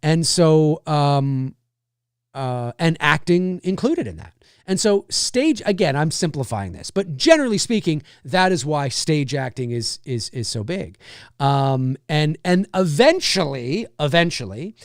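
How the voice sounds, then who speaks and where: Brief: chatty stream host, man in his forties, slightly high voice, dry close sound, rambling delivery. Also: sing-song, measured pace, no echo. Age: 40s. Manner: rambling, loose, many fillers and restarts. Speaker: live-stream host answering chat. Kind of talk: casual chat.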